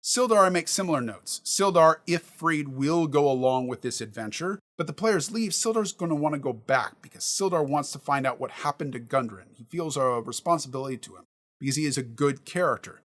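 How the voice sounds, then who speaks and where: Dungeon master, male, casual teaching tone, thinks out loud, slightly high voice. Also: lively intonation, fairly quick. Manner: thinks aloud, reasons through examples. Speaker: dungeon master giving prep advice. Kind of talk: casual instructional talk.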